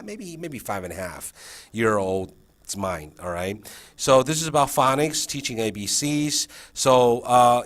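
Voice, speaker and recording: A man training a new teacher in a casual session, checking in often with frequent fillers and restarts. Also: mid-range voice.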